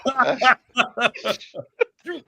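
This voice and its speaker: Male podcast host, bright and animated, teasing casual banter. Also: very high voice, vocal fry. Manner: lively, teasing, quick interjections.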